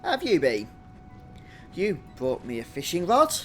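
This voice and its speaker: A man's voice: on the high side, wildly swooping pitch, measured pace, fairly bright tone, faint music behind, voice pushed up, heavily acted. A man voicing a folksy older male villager from a video game who calls the listener boy.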